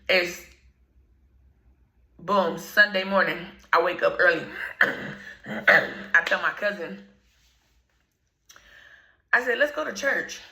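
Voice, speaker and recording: A woman telling a personal story in slangy, laid-back storytime talk, often clearing her throat. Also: fairly low pitch, steady tone, extremely slow, pauses often, pushed and bright, roomy sound, low-quality recording. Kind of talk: casual storytime.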